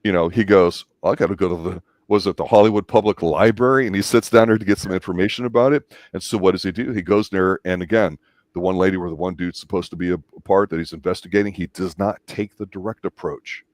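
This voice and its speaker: A man with a very deep voice talks through an old film at a fast clip. He is emphatic and explains at length, slipping into the lines he quotes. The sound is dry and close. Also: fairly even intonation, dry recording. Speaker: movie review show co-host. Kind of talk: casual movie review discussion.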